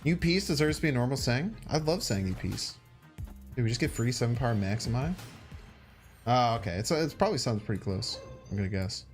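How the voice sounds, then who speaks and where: A man with a Chicago accent chats through a card game on stream, mulling over his plays and answering his viewers as he goes. His voice rises and falls a lot, with soft game music under it. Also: mid-range voice, lively intonation, a little fast. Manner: chatty, thinks aloud and talks to chat. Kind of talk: casual gaming stream commentary.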